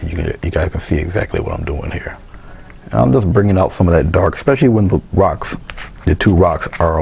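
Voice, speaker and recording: Relaxed male art teacher, deep and gravelly, narrating his brushwork in a studio, faint background hiss. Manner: relaxed, talks through each step, trails into quiet asides. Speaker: painting instructor. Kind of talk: casual painting demonstration. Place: indoor studio.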